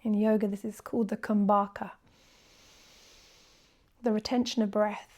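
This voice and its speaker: A woman teaching a guided yoga class, gentle and encouraging, often dropping to a soft near-whisper while counting breaths. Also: mid-range voice, little pitch movement, normal speed. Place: indoors, quiet room with birds faint outside.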